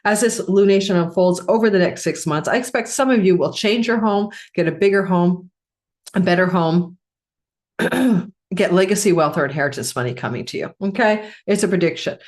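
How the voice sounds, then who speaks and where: A middle-aged woman astrologer giving a chatty forecast, clearing her throat often and coughing, correcting herself as she goes. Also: fairly low pitch, normal speed, a little mellow. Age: middle-aged or older.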